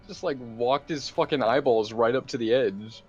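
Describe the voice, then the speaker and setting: A man's voice: medium pitch, normal speed, highs cut off, soft background music. A man in casual let's-play chat, telling stories and swearing offhandedly while his friend plays. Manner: laid-back, swears, tells stories. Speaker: co-host watching a game.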